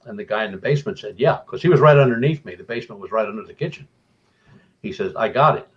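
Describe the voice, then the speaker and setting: Animated man telling a spooky story. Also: fast talker. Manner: animated, rising high when excited. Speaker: guest storyteller. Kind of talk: casual storytelling on radio talk show. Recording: dull lo-fi radio call audio.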